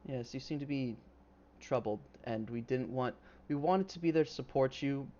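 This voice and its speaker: A man's voice: medium pitch, normal speed, a little mellow, lightly acted. A man voicing an elegant noble mother who fusses over her daughter with mild reproach, on a slightly muffled mic. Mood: explaining. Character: elegant, poised middle-aged noble mother.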